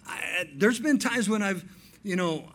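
A male pastor preaching a sermon, animated, telling stories and acting out dialogue. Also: high-pitched, a little slow.

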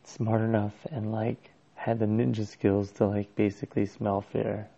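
Gravelly low-voiced man, hesitant storyteller. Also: level tone, a little slow, mellow, lo-fi sound. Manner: hesitant and rambling, with many restarts. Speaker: father telling a personal story. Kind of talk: casual personal storytelling.

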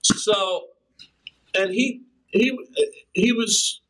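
Older man guest, slightly high voice, rambling storyteller who scats drum rhythms. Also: drawn-out words, pushed and bright, rough recording. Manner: rambling anecdotes with scat-sung drum rhythms and laughs. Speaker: interview guest, drummer. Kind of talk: casual storytelling.

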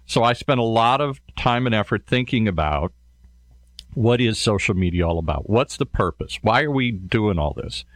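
A middle-aged man talking casually as a radio show guest, telling his story in an animated way. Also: on the low side, moderate pace, dry recording.

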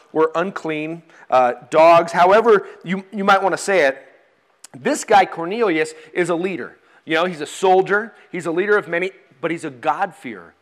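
A man's voice: high voice, fairly bright tone. A man preaching a sermon in a conversational way, with fillers and restarts, reading scripture aloud. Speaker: pastor.

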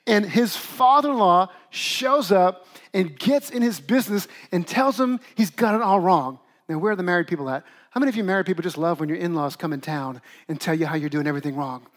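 High-voiced man preaching a lively sermon. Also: fairly quick. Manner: lively, conversational preaching with acted asides. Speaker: pastor.

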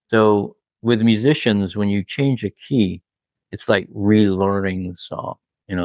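A record producer with a creaky voice on the low side tells studio stories in a recording with no echo. His casual storytelling rambles, full of "like" and "you know", and he laughs at his own anecdotes.

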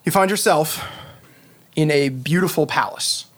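A man's voice: a little high, fairly bright tone. Man narrating as game master. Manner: descriptive, unhurried, many fillers.

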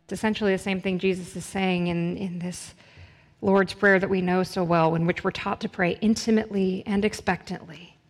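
A woman's voice: fairly low pitch, steady tone, normal speed. A woman preaching a sermon in an earnest way, building intensity through repeated phrases. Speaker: pastor. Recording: long hall reverb.

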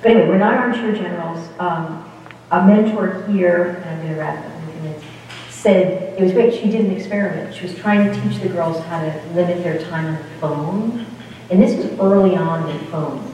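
A woman's voice: fairly low pitch, normal speed, warm tone, a little hiss or hum. A woman giving an informal spiritual talk in a rambling, chatty way, often breaking off mid-sentence. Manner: rambling, chatty, self-interrupting. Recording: distant, echoey hall, dull sound.

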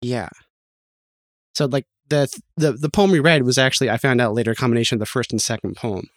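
Male podcast co-host, mid pitch, dry sarcastic asides, dead-dry close mic. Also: steady tone, fast, no room sound. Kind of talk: casual chat.

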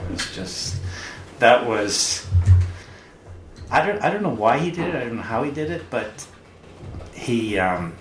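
An older man from Canada telling an amused, halting anecdote about his late father. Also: medium pitch, animated, fairly bright tone. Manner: unhurried, halting, amused storytelling. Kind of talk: anecdotal storytelling. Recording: roomy with faint noise.

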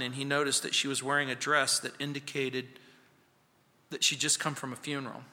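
A man preaching a sermon as pastor, slow and emphatic, with dramatic pauses. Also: a little high, bright, forceful tone, long reverb tail. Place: church sanctuary.

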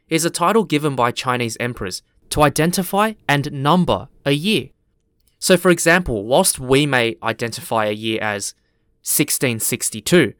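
Man, history podcast host, friendly and clear, smooth and dry sound. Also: mid-range voice, a bit bright, no room sound. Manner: friendly, spells out names.

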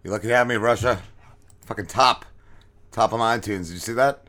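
A man's voice: fairly low pitch, fairly quick, fairly bright tone, a little hiss or hum. A man co-hosting a podcast, rambling in crude, profane banter with mumbled asides. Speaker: podcast co-host.

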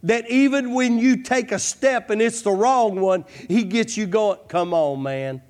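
Fervent preacher, male, high-pitched voice with an unhurried delivery, sermon pacing. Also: fairly even intonation, darkish tone. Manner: fervent, repeats "come on" and "I'm telling you". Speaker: pastor.

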